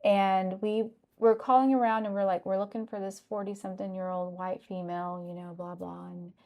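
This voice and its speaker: A woman's voice: mid-range voice, flat delivery, brisk, mellow. A middle-aged woman telling a personal story earnestly, repeating phrases and checking in with "okay?". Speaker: consultant sharing a personal story. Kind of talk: personal testimony.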